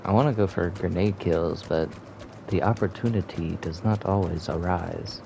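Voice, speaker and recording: A man's voice: sits low, normal speed, vocal fry, music in the background. A young man streaming a game, giving laid-back casual commentary and humming between remarks.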